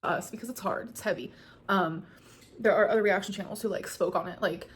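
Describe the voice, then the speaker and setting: A woman in her thirties talks fast through a casual Q&A vlog and leans on fillers as she rambles. Her voice sits at a middle pitch and stays earnest, with an emotional undertone. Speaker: vlogger answering viewer questions.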